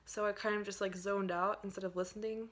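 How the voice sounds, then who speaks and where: A woman's voice: mid-range voice, flat delivery, fast. Chatty young woman vlogging. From Pennsylvania, USA. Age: young adult. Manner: chatty, rambling, many fillers and hedges. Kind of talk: casual vlog chat.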